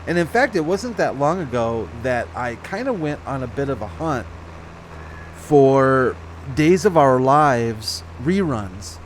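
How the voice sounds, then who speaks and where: A man's voice: medium pitch, big pitch swings, takes it slowly, a little hiss or hum. A man chatting casually over his farming game, rambling and correcting himself as he goes. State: slight hiccups. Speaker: gaming channel host. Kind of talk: casual let's-play commentary.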